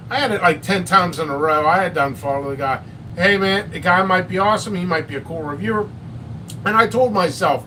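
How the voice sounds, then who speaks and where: A high, bright-voiced man rambles slowly through a casual live-stream chat, joking and poking fun at himself. He sounds set back from the mic, with faint noise in the background. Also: far from the mic. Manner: rambling, joking, self-mocking. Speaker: host of a pepper and hot sauce channel.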